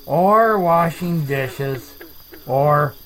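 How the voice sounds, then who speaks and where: A man hosting a comedic chat show, rambling deadpan and making up silly words. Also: a little high, very slow, poor audio. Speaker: podcast host.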